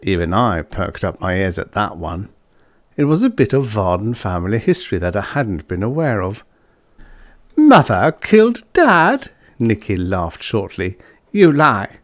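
A man narrating a vintage science fiction short story as an audiobook, in a measured storytelling manner. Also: deep voice, expressive, no echo, clean studio sound. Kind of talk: scripted narration.

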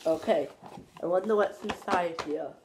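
A woman chatting playfully in a holiday vlog, breaking into yelps and sudden loud outbursts. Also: on the low side, moderate pace, very noisy. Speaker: vlogger.

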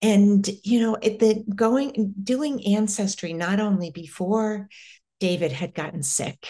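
Slow, halting middle-aged woman. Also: fairly low pitch, dark tone. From United States. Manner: slow, halting, with many restarts. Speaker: interview guest. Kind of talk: personal spiritual story.

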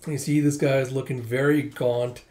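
A man reading a manga aloud, chatty and casual, narrating the panels with quick asides. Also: mid-range voice, level tone, a little mellow. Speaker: manga reader. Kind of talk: casual comic readthrough.

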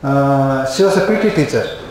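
A man's voice: medium pitch, expressive, normal speed, darkish tone. Man lecturing in an echoey classroom. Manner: repetitive, checks in with "okay?" constantly. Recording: very echoey classroom, faint noise.

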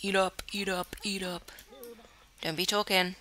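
A woman's voice: mid-range voice, flat delivery, unhurried, sharp tone. A young woman with a Cornish accent chatting casually over her gameplay, coaxing her character along, sometimes dropping to a whisper. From Cornwall, England. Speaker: gameplay YouTuber. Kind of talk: casual let's-play commentary.

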